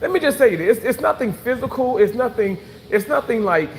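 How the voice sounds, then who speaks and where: Animated man venting on a break. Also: extremely high pitch, brisk, long reverb tail, a little hiss or hum. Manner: animated, swears freely, repeats phrases. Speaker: vlogger reading live chat. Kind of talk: casual venting monologue.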